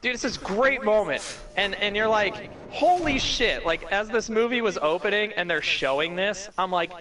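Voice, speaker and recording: A young man co-hosting a podcast, talking in excited, profane run-on bursts full of "like" and restarts. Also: sits high, moderate pace, rough recording. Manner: animated, profane, talks in run-on bursts with lots of "like". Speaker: podcast co-host. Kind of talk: casual chat.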